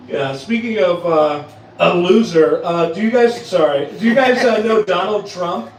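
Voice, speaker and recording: A stand-up comedian from Trenton, New Jersey, performs a profane, self-deprecating set on a comedy club stage, laughing at his own jokes. His voice sits high and he talks slowly with frequent pauses. The mic is distant, capturing roomy club acoustics, the audience, and slight background noise.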